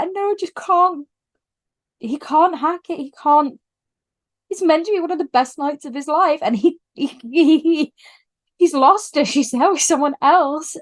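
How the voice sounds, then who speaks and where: Woman book vlogger, high voice, gushing and teary, lively casual retelling. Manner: frequent restarts when moved. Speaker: book reviewer. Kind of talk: casual book review vlog.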